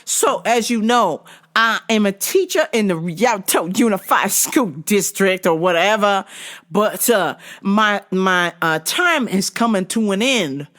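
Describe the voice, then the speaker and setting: A woman's voice: mid-range voice, lively intonation, unhurried, fairly bright tone. A woman imitating a grandiose preachy customer. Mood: rambling. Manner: proclaiming, attention-seeking.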